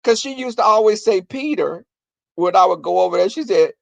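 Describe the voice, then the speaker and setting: A man telling comic family stories on his vlog, animated and profane, often breaking into laughter. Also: high-pitched, moderate pace, vocal fry, long pauses, dry recording. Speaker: vlogger. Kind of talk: comic storytelling.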